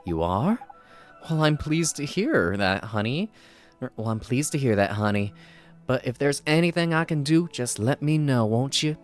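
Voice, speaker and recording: Man playing a kindly older woman shopkeeper, soft-spoken, doting. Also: medium pitch, big pitch swings, moderate pace, faint music behind, lightly acted. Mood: motherly. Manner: soft, motherly, calls people dear.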